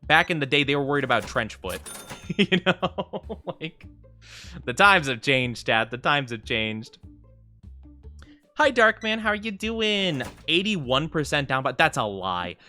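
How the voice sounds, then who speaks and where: Brief: young male streamer, bright, bouncy, rambling chat. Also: on the high side, very animated, unhurried, soft background music. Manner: chatty, rambling, giggly, thanks viewers often. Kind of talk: casual live-stream chat while gaming.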